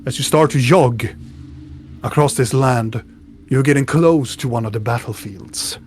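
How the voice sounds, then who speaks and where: A man's voice: medium pitch, unhurried, darkish tone, a little hiss or hum. A man narrating a tabletop game as game master, describing scenes with frequent restarts.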